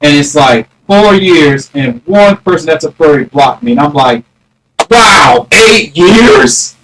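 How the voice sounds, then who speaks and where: A man's voice: fairly high pitch, animated, noisy background. Rambling man chatting on a live stream. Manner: rambling, greets chat viewers by name; mock-challenging, drawn-out taunts. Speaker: livestreamer. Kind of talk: casual live stream chat. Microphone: phone.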